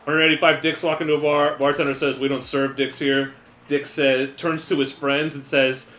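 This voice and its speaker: Man, bright forceful voice, deadpan rambling improv, roomy echo. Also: a little high, normal speed, soft background music. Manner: rambling, deadpan storytelling with pun punchlines. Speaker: streamer. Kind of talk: improvised comedy.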